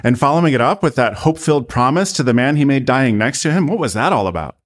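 A man's voice: medium pitch, expressive, quick pace, natural voice. A man voicing an earnest young disciple. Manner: gentle, earnest speech.

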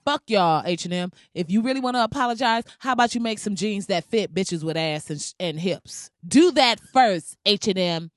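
A woman tears into her subject in a blunt, profane rant, her sarcasm sharp and heated. Her voice is smooth and clear, close and dry with no room around it, at a middling pitch. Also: expressive, normal speed, hardly any pauses, no echo. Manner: heated, sarcastic, heavy swearing. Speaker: vlogger.

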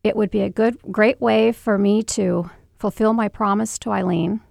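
A middle-aged woman with a strongly gravelly, creaky voice, telling a painful family story. She speaks haltingly, restarting and pausing with fillers. The recording is dry and close. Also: medium pitch, fairly even intonation, a little mellow, no echo. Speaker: guest, mother. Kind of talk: personal storytelling interview.

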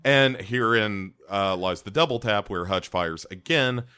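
A male podcast co-host in casual chat, recapping a film scene by scene. His voice is low yet bright and forward. He talks with plenty of ums and uhs and adds dry, wry jokes. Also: a little slow, smooth. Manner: recaps scenes with many fillers, dry humor.

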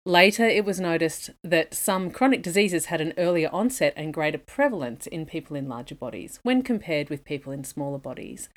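A woman, a dietitian hosting an educational podcast, reading a scripted lesson in a measured, methodical way that moves through points in lists. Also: sits low. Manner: measured, methodical, list-like delivery.

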